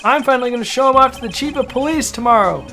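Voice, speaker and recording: A woman voicing an eager young male police officer who talks loudly and brags about his mascot in a fan dub of a game. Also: high-pitched, quick pace, soft background music, pitched above the performer's own voice. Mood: boastful. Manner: loud and chatty, bragging about his mascot.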